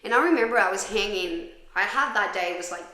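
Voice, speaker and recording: A woman's voice: mid-range voice, quick pace, bright, forceful tone, echoey room. A woman hosting a podcast, telling her own story in a raw, profane, confessional way. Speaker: podcast host. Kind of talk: candid personal storytelling.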